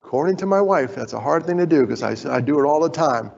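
A fast-talking man with a slightly high, darkish, husky voice, vocal fry, and lively intonation gives a storytelling talk at a conference. He acts out the voices of people he quotes with gusto, and the echoey hall leaves the recording sounding dull.

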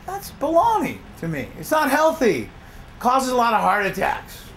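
A middle-aged man teaching a songwriting workshop, animated, acting out his own reactions as he talks. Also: sits high, normal speed, creaky, a little hiss or hum. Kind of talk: workshop talk to a class.

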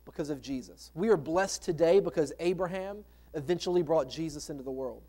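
A man's voice: on the high side, fairly quick, warm tone. A man preaching a sermon as pastor, in a conversational way with rhetorical questions to the congregation. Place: church sanctuary.

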